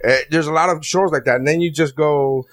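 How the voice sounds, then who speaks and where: Quick-talking podcast guy, kinda high voice, swears a lot, tells stories with energy. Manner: profane, animated storytelling. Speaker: podcast host. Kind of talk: casual chat.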